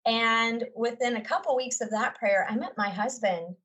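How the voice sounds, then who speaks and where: A woman's voice: fairly high pitch, normal speed, fairly bright tone, recorded from a distance, poor audio. A woman in her forties, a teacher, telling her story in an earnest, heartfelt way with many fillers. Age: 40s. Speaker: teacher and guest. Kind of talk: personal story in a podcast conversation.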